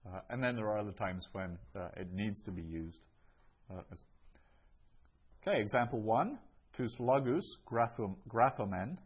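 A man's voice: lowish voice, lively intonation, moderate pace, long pauses, breathy edge, lo-fi sound. A man teaching a language lesson, patiently repeating each phrase and explaining it step by step. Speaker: Greek teacher. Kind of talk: classroom lesson.

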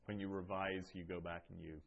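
Low-voiced man teaching a class. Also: level tone, gravelly, muffled recording. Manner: explanatory, pauses and restarts, reads Greek aloud. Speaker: Greek teacher. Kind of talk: classroom lecture.

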